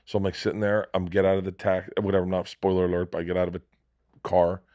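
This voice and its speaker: Crude, animated middle-aged man telling a story. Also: low-pitched, quick pace. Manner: crude, animated storyteller, acts out quoted voices. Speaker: podcast guest. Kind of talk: casual storytelling chat.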